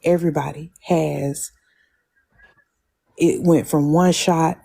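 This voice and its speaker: Woman, lowish mellow voice, emphatic, moralizing, drawn-out phrases, panel argument. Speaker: live stream panelist. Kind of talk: heated casual argument.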